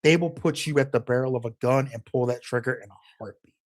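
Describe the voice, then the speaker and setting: A man's voice: mid-range voice, quick pace. A man delivering a heated, profane political rant as a commentator, emphatic and angry throughout.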